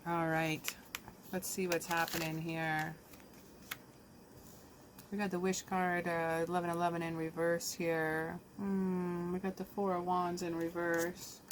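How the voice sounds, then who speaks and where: Low, flat-voiced woman reading tarot. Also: measured pace, noisy background. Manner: casual, emotional, talks straight to the viewer. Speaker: tarot reader.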